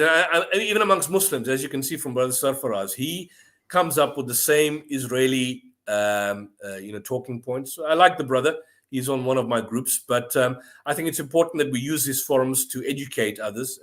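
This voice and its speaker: A man's voice: medium pitch, fairly bright tone. A man co-hosting a live debate stream, arguing emphatically and often restarting his sentences. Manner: emphatic, argumentative, with frequent restarts. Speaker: co-host.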